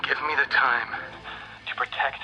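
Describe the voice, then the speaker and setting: An actor playing a grim male resistance leader in a film, speaking in a low gravelly half-whisper. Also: fairly even intonation, normal speed, pushed and bright, soft background music. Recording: film clip with score behind.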